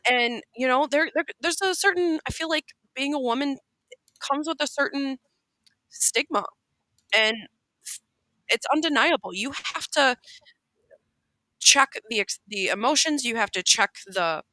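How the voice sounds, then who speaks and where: A woman's voice: high voice, a little slow, long pauses, bright, forceful tone, dry recording, rough recording. A woman co-hosting a casual podcast chat, heartfelt and emphatic, often restarting her sentences. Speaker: co-host.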